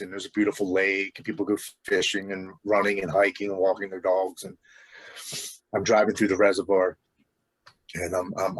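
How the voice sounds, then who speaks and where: A man's voice: low-pitched, a bit bright, no room sound. A man in his forties telling his own recovery story as a guest, earnest and emotional. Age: 40s.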